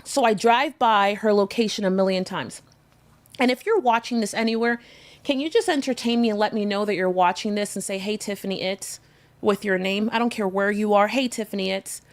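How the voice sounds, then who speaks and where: A woman's voice: medium pitch, fairly quick. A woman hosting a live show, telling a personal story frankly and emotionally, talking straight to her viewers and swearing now and then. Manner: candid, emotional, talks to viewers directly, swears. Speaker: host. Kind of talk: casual storytelling livestream.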